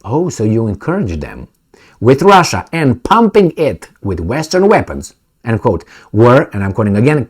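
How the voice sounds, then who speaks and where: A man's voice: medium pitch, very animated, moderate pace, husky. Sarcastic man reading news. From Romania. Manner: sarcastic, mocking asides. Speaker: political commentator.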